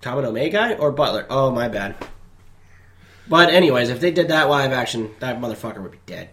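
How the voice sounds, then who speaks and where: A man's voice: medium pitch, lively intonation, brisk, a bit bright. Blunt, foul-mouthed man bantering. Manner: blunt, profane, jokey. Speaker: co-host. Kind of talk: casual banter.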